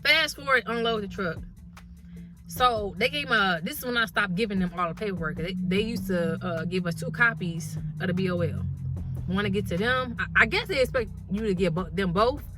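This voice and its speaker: A woman truck driver telling a casual story, blunt and profane, with animated delivery. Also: medium pitch, normal speed, over music.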